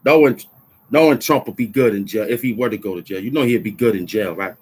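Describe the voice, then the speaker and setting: Speaking quickly in a fairly low, husky voice, this vlog host fires off a casual political rant to his camera. The middle-aged man drops into heated street slang and hammers phrases again and again for emphasis.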